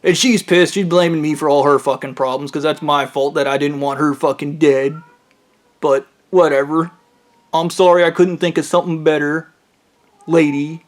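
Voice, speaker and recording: A man's voice: a little high, steady tone, normal speed. A man telling a rambling, profane personal story as a monologue, jumping between tangents.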